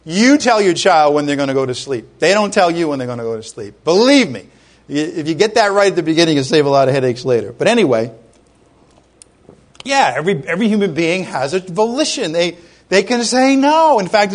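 High-voiced man preaching conversationally. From Rhode Island. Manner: conversational, animated storytelling with asides to the congregation. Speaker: pastor. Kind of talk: sermon.

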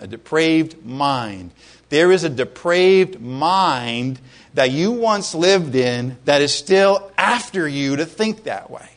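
A pastor preaching a sermon in a conversational way, asking his congregation questions and rising to loud exclamations. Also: fairly high pitch.

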